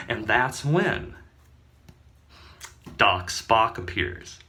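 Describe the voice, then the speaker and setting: A man's voice: mid-range voice, slow, long pauses, bright, forceful tone. A man telling a comic story in a rambling way, with many fillers and asides.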